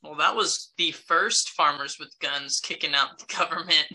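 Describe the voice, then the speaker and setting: Man from California, podcast guest, very bright tone, slightly high voice. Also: normal speed, rough recording. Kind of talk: casual podcast chat.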